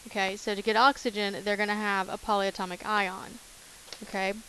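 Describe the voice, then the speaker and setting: A woman's voice: mid-range voice, level tone, moderate pace, sharp tone, slight background noise, low-quality recording. A woman teacher talking through chemistry notes in a casual way, repeating key terms with many fillers. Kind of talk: recorded lecture over notes.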